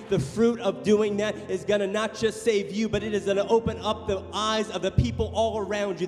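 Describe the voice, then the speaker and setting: A man preaching a sermon as pastor in a church, passionate, moving between loud exhortation and quiet storytelling. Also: high voice. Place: church sanctuary. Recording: long hall reverb with music behind.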